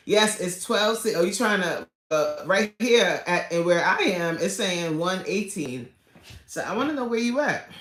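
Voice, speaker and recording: A woman's voice: on the low side, fairly bright tone. A woman hosting a casual livestream, chatting loosely and greeting viewers by name as she jokes along. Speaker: livestream host and coach. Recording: echoey room.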